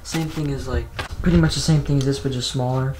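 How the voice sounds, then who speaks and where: A young man chatting casually and excitedly for his vlog, rambling with lots of "like". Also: medium pitch, fast. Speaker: vlogger. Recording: background noise.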